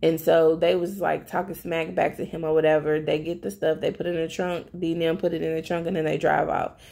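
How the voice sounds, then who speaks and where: Gravelly-voiced woman recapping a show. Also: low voice, a little fast. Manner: chatty, addresses viewers directly; animated storytelling. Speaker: TV recap vlogger. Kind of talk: casual episode recap.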